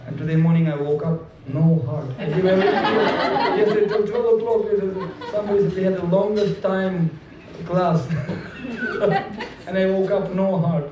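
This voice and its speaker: A man with giving an animated devotional class, acting out voices as he tells stories and laughing often. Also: sits high, unhurried, crowd noise, noisy background. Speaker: visiting speaker. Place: home gathering room. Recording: echoey room, mic far off, audience around.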